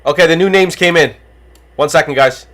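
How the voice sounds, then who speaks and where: A livestream host who is losing his voice, calling a giveaway race with animated, rapid play-by-play. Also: fairly high pitch. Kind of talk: excited duck-race commentary on a livestream.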